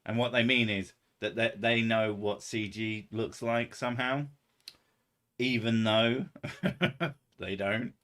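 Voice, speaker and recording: A man's voice: lowish voice, fairly even intonation, slow, long pauses, a bit bright. A man chatting casually on a livestream, rambling and sardonic, with heavy swearing. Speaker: streamer.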